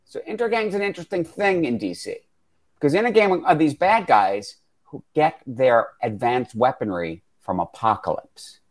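A man's voice: medium pitch, animated, normal speed. A man co-hosting a casual film review chat, rambling and repeating words as he starts his points. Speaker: podcast co-host.

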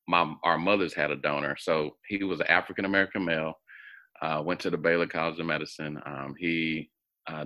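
A man with a low, deep voice that still rings bright and forceful. He tells a long personal story as an interview guest. He acts out the other people in it, jumping high in pitch. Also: highs cut off. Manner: animated, acts out quoted voices with big pitch jumps.

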